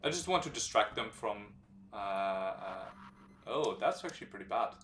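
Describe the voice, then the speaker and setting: A man streaming a strategy game live, explaining its mechanics as he plays, relaxed and hesitant with many fillers. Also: lowish voice, moderate pace, slight background noise. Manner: explains game mechanics while thinking aloud. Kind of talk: live gameplay commentary. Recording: roomy sound from a distant mic, faint background music.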